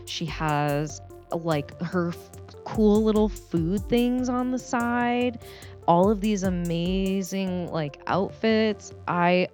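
A woman's voice: mid-range voice, slow, darkish tone, soft background music. A woman in her twenties co-hosting a podcast, telling a sheepish story in casual chat. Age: 20s. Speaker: podcast co-host.

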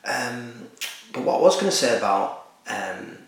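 A man's voice: medium pitch, animated, a little slow. A man chatting casually as a podcast co-host, with wry, teasing humour. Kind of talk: casual chat. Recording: echoey room, distant mic.

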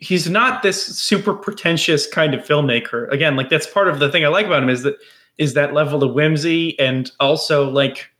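A man's voice: fairly high pitch, moderate pace, fairly bright tone. A man co-hosting a podcast in casual chat, a little drunk, rambling and swearing with lots of restarts. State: tipsy. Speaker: podcast co-host.

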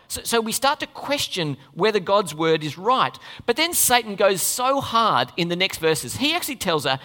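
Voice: mid-range voice, sing-song, a little fast, hardly any pauses, pushed and bright. A preacher giving a sermon in a conversational way, asking the congregation questions and adding playful asides. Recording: long reverb of a large hall.

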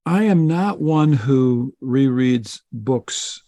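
A man answering interview questions in a relaxed, chatty way. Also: mid-range voice, drawn-out words, dry recording, clean studio sound. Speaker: guest author.

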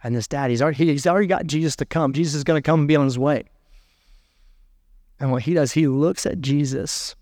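A male pastor preaching a sermon in a conversational way, reading scripture aloud with pauses. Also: mid-range voice, a little mellow, no echo, studio quality.

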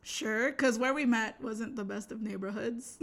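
A woman's voice: fairly high pitch, normal speed. A young woman telling a story in casual, slangy chat, acting out the voices of the people she quotes.

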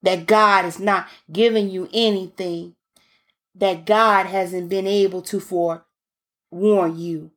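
A woman's voice: medium pitch, fairly even intonation, slow, fairly bright tone. A woman preacher delivering a fervent sermon, reading scripture aloud and breaking in with exclamations.

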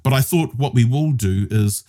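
A man's voice: mid-range voice, moderate pace, dark tone. A man with a New Zealand accent teaching Māori grammar as a podcast guest, explaining patiently and switching between Māori and English. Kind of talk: casual podcast lesson.

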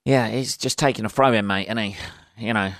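A man's voice: on the low side, a little fast, a bit bright, no room sound, clean studio sound. A man hosting a casual solo podcast, ranting with lots of swearing and exasperation. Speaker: podcast host.

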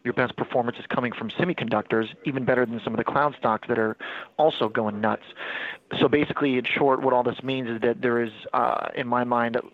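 A man's voice: medium pitch, steady tone, a little fast, narrow, tinny audio. Man giving fluent market analysis. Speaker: market news anchor. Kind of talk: market commentary.

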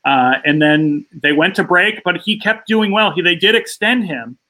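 On a podcast, a stand-up comedian tells an anecdote in a casual interview style, voicing the people in the story. His voice is high-pitched, pushed and bright at a moderate pace, and the recording is rough.

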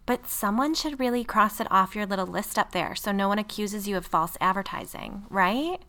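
A woman performs a pushy suburban woman who gushes and whines through every sentence, her bright voice swooping up and down as she complains theatrically. It is an audiobook character read with a sharp, lively delivery. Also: mid-range voice, moderate pace, voice pushed up. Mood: whiny. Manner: whiny, gushing, theatrical.

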